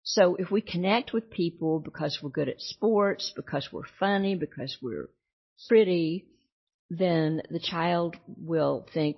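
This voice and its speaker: Slow, gravelly woman teaching. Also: on the low side. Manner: explanatory, repeats points and asks rhetorical questions. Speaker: teacher of a life class. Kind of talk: teaching talk. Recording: dull lo-fi recording.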